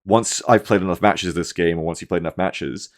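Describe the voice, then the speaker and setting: In a relaxed match review, a man in his thirties whose voice sits a bit low chats about the replay. Animated and foul-mouthed, he replays his own frantic reactions in rapid bursts.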